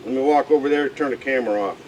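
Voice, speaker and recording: An older man who hosts DIY videos narrates a casual outdoor pool repair, grumbling and muttering to himself in a folksy way as he works, sometimes out of breath. His medium-pitched voice is racing and a little mellow. The recording is rough, with a bit of hiss or hum.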